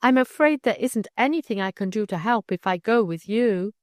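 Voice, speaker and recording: A woman voicing a timid, wistful orphaned young girl who speaks softly and hesitantly. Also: medium pitch, animated, moderate pace, dry recording, clean studio sound, close to an everyday voice. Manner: soft, hesitant, tearful.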